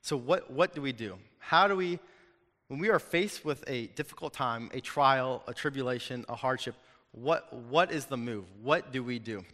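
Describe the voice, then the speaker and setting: A young male preacher talks to his congregation in a loose, animated way and throws in jokes. His voice is bright and forceful. A long reverb trails off each line, as in a large hall. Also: mid-range voice, moderate pace. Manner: animated, conversational, jokes with the audience. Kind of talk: sermon. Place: hall with an audience.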